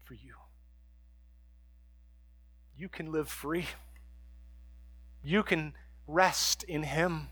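Male preacher, high bright tenor, shifts from hushed to emphatic, dry close sound. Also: no room sound. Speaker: pastor. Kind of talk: sermon.

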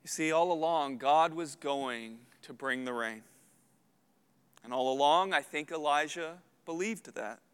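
A man in his thirties preaching a sermon as a pastor, earnest and building to loud emphatic peaks. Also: fairly high pitch, a little slow, smooth. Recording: long hall reverb.

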